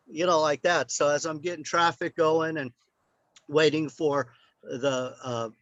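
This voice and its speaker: A man's voice: fairly high pitch, fairly even intonation, normal speed, fairly bright tone, no room sound, highs cut off. Older male guest speaker, meandering anecdotal delivery, dry and close. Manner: rambling, anecdotal, with many fillers. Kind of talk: storytelling.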